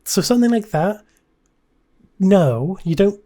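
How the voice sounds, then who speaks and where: A woman's voice: medium pitch, animated, a little slow, mellow. A woman hosting a casual podcast chat, talking in a hesitant way, often trailing off and repeating herself. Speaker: podcast host.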